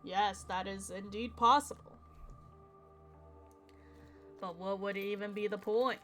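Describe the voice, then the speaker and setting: A woman reading a remorseful artificial being's game dialogue aloud, in a measured, formal and subdued way. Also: medium pitch, steady tone, fairly bright tone, faint music behind, voice pushed down.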